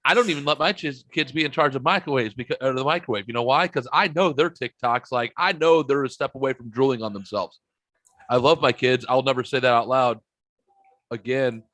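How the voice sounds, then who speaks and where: A man's voice: mid-range voice, a little fast, fairly bright tone, dry recording. A man in his forties trading joking, profane banter in a casual chat.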